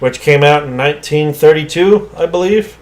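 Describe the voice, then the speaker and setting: Chatty opinionated man, slightly high voice. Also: moderate pace. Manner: chatty, opinionated, swears casually. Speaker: podcast co-host. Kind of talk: casual movie chat.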